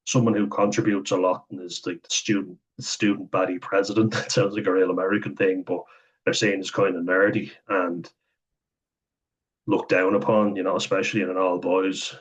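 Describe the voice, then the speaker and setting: Brief: young Irish male vlogger, deep husky voice, blunt and sweary. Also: level tone, moderate pace, rough recording. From Ireland. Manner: candid, sweary, chuckles while telling stories. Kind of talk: casual storytelling monologue.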